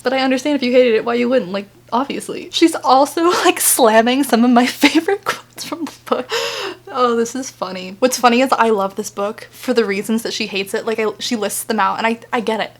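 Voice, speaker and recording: A woman of twenty-two chatting casually at home on her couch, reading out book reviews with lots of "like". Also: a little high. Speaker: book vlogger.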